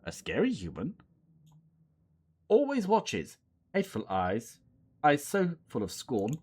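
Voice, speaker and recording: A man's voice: wildly swooping pitch, slow pace, darkish tone, breathy edge, heavily acted. A man voicing a small, timid male possum that talks in broken, simple phrases. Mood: hushed, fearful. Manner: broken simple speech, high and nervous.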